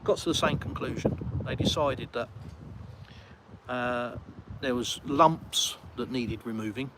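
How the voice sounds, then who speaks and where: Loud traffic and street sounds surround a middle-aged man from England as he livestreams. His mid-range voice moves at a measured pace, and he chats casually and reads viewer messages aloud in an English accent.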